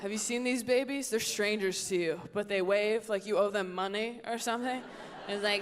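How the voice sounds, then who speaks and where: A young woman performing a stand-up comedy set on stage, sarcastic and deadpan, slipping into quick mock voices. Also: medium pitch. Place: comedy stage before a live audience. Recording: live show with clear audience noise. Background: audience laughter.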